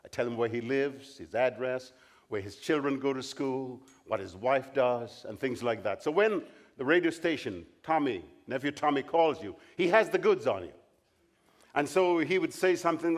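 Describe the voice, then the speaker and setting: A man's voice: mid-range voice, lively intonation, moderate pace. A man preaching a Bible study at a camp meeting, telling stories and acting out the dialogue in them. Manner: storytelling, acts out dialogue in different voices. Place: large meeting hall or tent.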